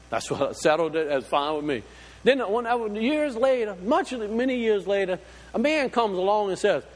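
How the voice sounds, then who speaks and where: A man's voice: high voice, big pitch swings, moderate pace, in a large hall. A man preaching a sermon, folksy and full of rhetorical questions. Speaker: pastor.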